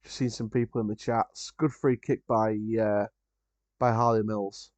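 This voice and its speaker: A man's voice: lowish voice, steady tone, measured pace, a little mellow, no echo. Chatty man hosting a football watchalong. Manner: casual, chatty, opinionated, frequent ums and restarts. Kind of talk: live match watchalong commentary.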